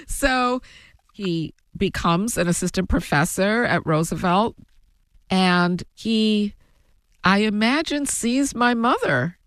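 A woman telling her family story as an interview guest, reflective and given to soft laughs. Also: medium pitch, lively intonation, dry recording, studio quality. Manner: slow, reflective, laughs softly between thoughts. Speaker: guest, author.

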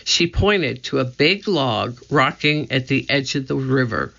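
A man reading a children's storybook aloud, narrating slowly and deliberately. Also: mid-range voice, expressive, gravelly, sharp tone. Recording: dull lo-fi recording.

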